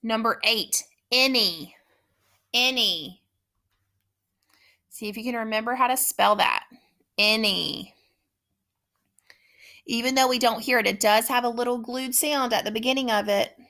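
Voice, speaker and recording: A woman teacher giving a spelling dictation lesson, speaking slowly and repeating each word with patient care. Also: fairly high pitch, pushed and bright. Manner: slow, patient, repeats words carefully.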